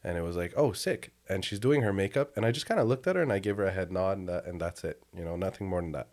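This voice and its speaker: A young man from Quebec, a music producer guest chatting casually on a podcast, telling animated stories and acting out quotes with frequent laughter. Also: low-pitched, fast talker. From Quebec, Canada. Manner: animated storyteller, acts out quotes, laughs often.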